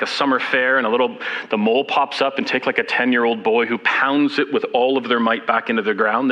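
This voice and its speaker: A man's voice: mid-range voice, pushed and bright, highs cut off. A man in his fifties, seated as he gives a candid, self-deprecating personal talk at a church service. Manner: candid, self-deprecating, acts out quoted people; speaks seated. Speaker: guest speaker.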